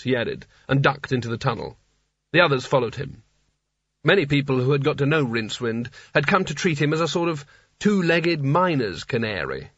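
A man's voice: mid-range voice, animated, a bit bright, no room sound. Man narrating a wry fantasy audiobook. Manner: measured, wry storytelling. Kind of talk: scripted narration. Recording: dull dry audiobook recording.

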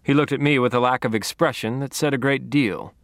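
Wry, deadpan male audiobook narrator. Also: mid-range voice, fairly quick, no echo, studio quality. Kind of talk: first-person audiobook narration.

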